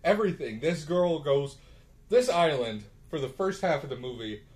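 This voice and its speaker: A man's voice: on the high side, animated, normal speed, a little mellow. A young man co-hosting a casual movie review chat, blunt and joking. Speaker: podcast co-host.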